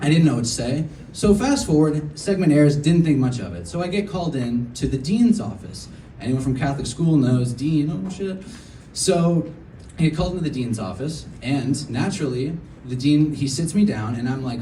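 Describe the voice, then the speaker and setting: Young stand-up comic, animated, roomy distant sound. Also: male voice, mid-range voice, moderate pace, a little hiss or hum. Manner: animated, laughing at his own story. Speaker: stand-up comedian. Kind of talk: stand-up storytelling. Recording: roomy echo, mic at a distance.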